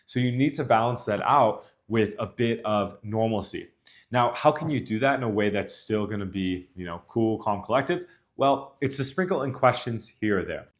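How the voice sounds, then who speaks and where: Low-voiced man coaching on dating. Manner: casual, coaching, explains calmly. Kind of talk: instructional talk to camera.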